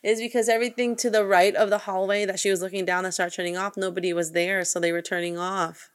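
A woman's voice: medium pitch, level tone, fast. Chatty woman recapping a movie. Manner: rambling, self-correcting, laughs easily. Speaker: podcast co-host. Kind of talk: casual movie recap chat.

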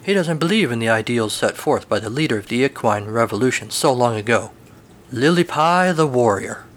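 A man's voice: medium pitch, animated, normal speed, close to an everyday voice. A man voicing a laid-back, folksy male stable horse in a storybook tale, with a casual, dry drawl.

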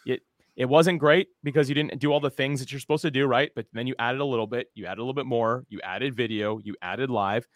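Fast-talking upbeat man. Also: mid-range voice, no echo, studio quality. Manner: upbeat, advice-giving, teasing. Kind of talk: casual podcast chat.

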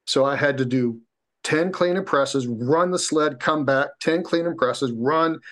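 A man's voice: on the high side, a little slow. A man telling a personal story as a podcast guest, swearing freely and acting out what others said. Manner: animated, swears freely, acts out quotes. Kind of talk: casual storytelling.

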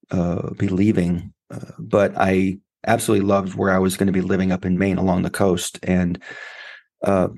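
A man's voice: low voice, darkish tone. A man who is a podcast guest, telling a personal story in an earnest, emotional way and acting out the dialogue he quotes.

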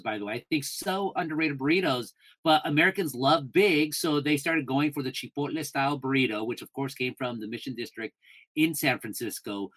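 A man's voice: on the high side, bright, forceful tone. A man from California speaking as a guest food writer on a radio panel, passionate and emphatic with a joking edge.

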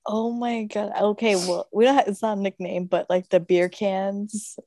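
A young woman chats with a friend on a podcast, her voice sitting at an ordinary middle pitch. The recording is dry and close. She talks in an easygoing, laughing way as she looks back on old times. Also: steady tone, normal speed, mellow, no echo. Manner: easygoing, laughs often, reminiscing. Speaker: podcast co-host. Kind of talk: casual chat.

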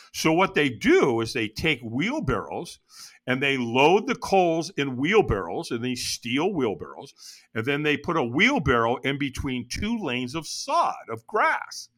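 A man telling a personal story as an interview guest, in an animated, dramatic way. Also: fairly high pitch.

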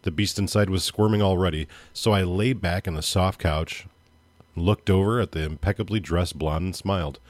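Low-voiced man narrating a dark story. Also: normal speed, no echo. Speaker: podcast host. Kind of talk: dramatic story reading.

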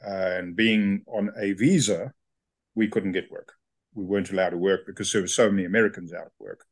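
Guest: South African man in his fifties, low voice, relaxed storyteller. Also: fairly quick, breathy edge. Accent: South African with Australian tones. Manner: chatty, self-amused, with hesitations. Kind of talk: casual interview storytelling.

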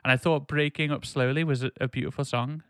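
A man chats loosely about an album, full of "like" and false starts. His voice is bright and smooth. The sound is dry and close to the mic. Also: mid-range voice, fairly even intonation, quick pace, no room sound. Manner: chatty, many fillers and restarts. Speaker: podcast co-host. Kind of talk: casual podcast chat.

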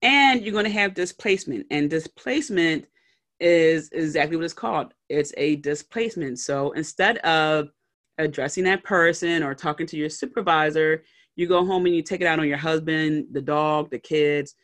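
A woman's voice: deep voice, normal speed, fairly bright tone. Woman talking straight to her podcast listeners, casual advice, lots of "okay?" check-ins, little acted bits. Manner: conversational, checks in often with "okay?" and "all right?"; acts out little scenes with brief put-on voices. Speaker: podcast host and life coach. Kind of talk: solo podcast talk, motivational advice.

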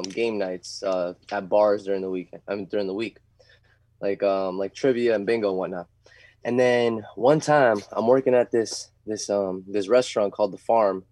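A man from South America, co-hosting a casual chat and telling a rambling, animated story. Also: fairly low pitch, no echo. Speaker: co-host.

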